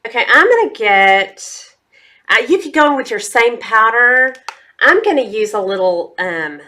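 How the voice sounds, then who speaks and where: A woman's voice: on the high side, very animated, unhurried, bright, forceful tone. A woman chatting casually through a makeup tutorial, talking straight to her viewers. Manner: chatty, addresses viewers as y'all. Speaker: beauty vlogger.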